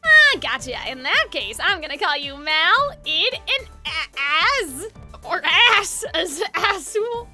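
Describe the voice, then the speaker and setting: A woman's voice: extremely high pitch, sing-song, slow, bright, forceful tone, soft background music, full character voice. A woman voicing a chummy, folksy male stone gargoyle with drawled slang in a game read-aloud. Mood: folksy cheerful.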